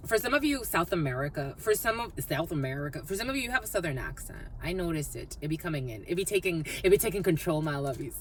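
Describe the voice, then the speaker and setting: A woman with a fairly low voice gives a spiritual reading in a loose, rambling monologue. She repeats phrases like chants and keeps slipping into laughter. A faint hiss sits under her voice. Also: expressive, fast talker, few pauses. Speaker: intuitive reader.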